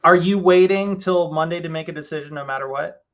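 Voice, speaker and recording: A man hosting a live real estate show, talking a seller through a deal and then coaching viewers in an energetic, explanatory way. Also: on the high side, brisk, muffled recording. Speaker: real estate investor host. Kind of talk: live stream phone call and coaching.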